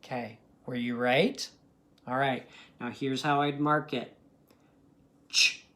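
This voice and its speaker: A man talks slowly and patiently through a phonics lesson for young students. He takes his time, sounds out each letter and word with care, and keeps checking in with a gentle "okay?" after almost every point. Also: mid-range voice, fairly even intonation. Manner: slow, patient, ends most sentences with a checking "okay?"; sounds out words and letters carefully. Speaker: teacher.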